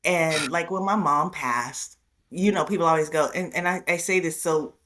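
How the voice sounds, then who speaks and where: A woman's voice: deep voice, noisy background. A woman hosting a podcast, talking animatedly in casual conversation, often restarting her sentences. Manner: animated, quick to laugh, stammering restarts. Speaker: podcast host.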